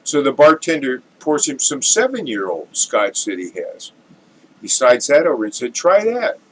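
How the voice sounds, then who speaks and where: A man hosting his own show, telling a classic joke in a relaxed, folksy way. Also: medium pitch, moderate pace, poor audio. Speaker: storyteller host.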